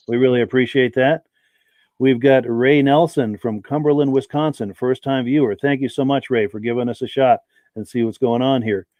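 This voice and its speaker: This is a man hosting a live-stream podcast, warmly welcoming viewers and reading out their names as he chats. His voice is medium-pitched and mellow, recorded without any room sound.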